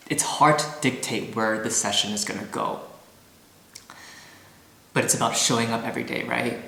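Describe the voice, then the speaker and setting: A man's voice: medium pitch, a bit bright, roomy sound, low-quality recording. A man vlogging and talking about painting in a loose, musing way, full of "like" and "you know", indoors in a townhouse. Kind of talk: casual vlog talk. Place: indoors in a townhouse at an artist residency.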